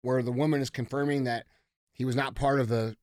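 A man's voice: mid-range voice, steady tone, brisk, a little mellow, no room sound. A man co-hosting a casual studio podcast, talking bluntly, with plenty of swearing and riffing. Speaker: podcast co-host.

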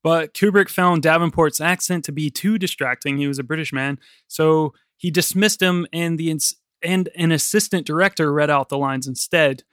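Man host, casual film chat, higher voice, dry close sound, laughs a lot. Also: moderate pace, few pauses, a bit bright, dry recording. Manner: chatty, laughs often, swears casually. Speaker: podcast host.

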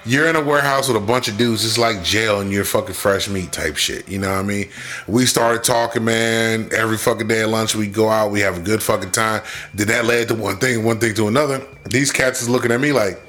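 A man's voice: on the low side, fairly even intonation, fairly quick, a bit bright. A man hosting a podcast who tells a story in a casual chat, profane and laid-back, acting out the dialogue as he goes. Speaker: podcast host.

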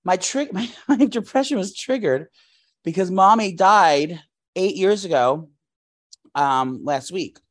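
Rambling chatty man, slightly high voice. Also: slow. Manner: rambling, animated storytelling with many fillers. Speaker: podcast co-host. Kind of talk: casual chat.

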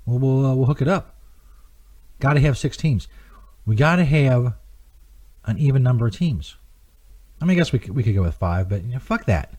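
A man's voice: medium pitch, animated, normal speed, long pauses, darkish tone, breathy edge. A man hosting a comedy radio show, rambling on in an emphatic, profane way. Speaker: host.

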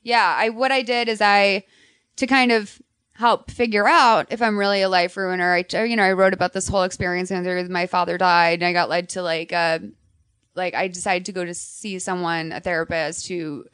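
A woman's voice: lowish voice, moderate pace, clean tone, dry recording. A woman in her thirties, a podcast guest and author, talking casually and full of "like" fillers. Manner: chatty, many "like" fillers, animated storytelling.

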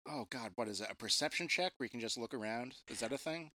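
A man's voice: medium pitch, animated, quick pace, over a noisy crowd. A man on a podcast playing a tabletop game, casually joking and complaining in mock exasperation. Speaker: podcast co-host, player. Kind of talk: casual chat.

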